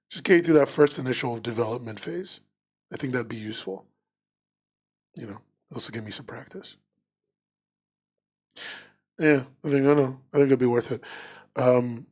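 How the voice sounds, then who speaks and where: A podcast co-host chats casually on a livestream at a middle pitch, thinking aloud as he rambles, restarts sentences and relies on fillers.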